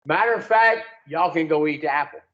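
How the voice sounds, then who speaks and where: A man's voice: on the high side, animated, fairly quick, reverberant, dull audio, voice pushed down, lightly acted. A man voicing a sly tempting snake in a spoken story, coaxing and persuasive.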